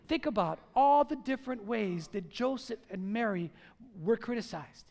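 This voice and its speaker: A man's voice: extremely high pitch, quick pace. A man preaching a sermon to his church congregation, speaking emphatically and repeating his key lines. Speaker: pastor. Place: church service before a congregation.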